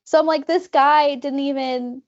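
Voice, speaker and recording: A woman co-hosting a podcast, telling a travel story in an animated way, full of "like" fillers and acted-out quotes. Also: high-pitched, unhurried, highs cut off. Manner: animated, many "like" fillers, acts out quoted people. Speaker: podcast co-host. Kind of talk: casual storytelling chat.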